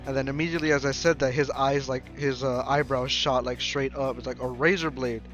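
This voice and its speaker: A man's voice: mid-range voice, little pitch movement, brisk, a bit bright. Young male storyteller, mid-range voice, loose rambling delivery over background music. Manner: rambling, full of fillers and restarts. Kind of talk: casual story time.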